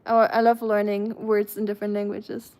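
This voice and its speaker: A woman's voice: mid-range voice, monotone, fairly quick, darkish tone. A woman from Germany with a German accent, chatting casually with her livestream viewers from home and thanking them by name. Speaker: livestream host.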